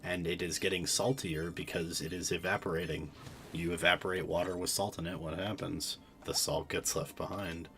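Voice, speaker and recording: Tired male streamer, deep voice, unhurried rambling chat, faint hiss behind, keyboard clicks. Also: little pitch movement, a bit bright. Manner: rambling, self-interrupting, chatty. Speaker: game streamer. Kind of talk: casual gaming stream chat.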